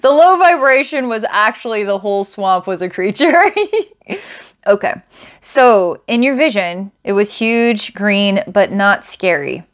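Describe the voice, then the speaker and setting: A woman's voice: mid-range voice, animated, a little slow. A young adult woman, a psychic reader, talking casually and thinking aloud as she gives an online reading. She is enthusiastic and laughs often.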